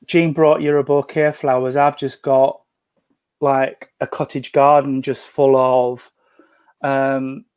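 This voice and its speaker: A man giving a gentle, chatty mediumship reading at home over a video call, full of endearments. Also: medium pitch, smooth, no echo. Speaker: spiritualist medium. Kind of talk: mediumship reading in an online service. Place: at home at a breakfast table.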